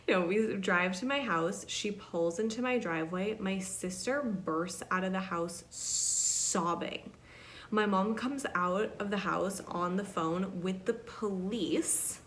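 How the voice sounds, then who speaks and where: A woman's voice: mid-range voice, slow, a bit bright. A woman hosting her podcast, telling rambling stories in a chatty, casual way, full of "like" and "you know". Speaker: podcast host. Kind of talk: casual storytelling monologue.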